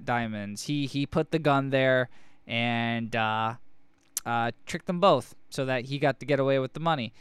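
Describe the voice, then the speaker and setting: A man's voice: fairly high pitch, fairly bright tone, smooth, no room sound. A man co-hosting a podcast, recapping and reviewing comics in a rambling, profane, jokey casual chat. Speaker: podcast co-host.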